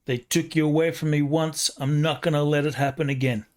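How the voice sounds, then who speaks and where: Guy putting on a high-pitched new york alien mama, stubborn and protective, won't back down. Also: fairly even intonation, a little fast, lightly acted. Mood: fierce. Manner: defiant, fierce. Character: stubborn, protective alien mother of a big family.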